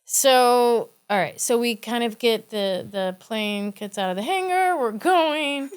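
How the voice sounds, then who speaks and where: A woman from Kentucky tells a story as a podcast guest, with a high, bright voice. She is animated in casual chat and acts out each person in the tale. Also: slow, smooth.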